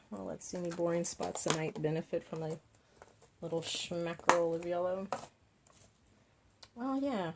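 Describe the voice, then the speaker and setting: Here the woman's voice is fairly low and gravelly, with a little hiss or hum in the recording. She's a craft vlogger chatting while painting, reasoning out loud about her choices and tossing in playful remarks.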